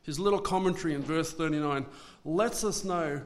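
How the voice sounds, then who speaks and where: A man preaching a sermon, swinging between loud dramatic declarations and hushed asides. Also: a little high, moderate pace.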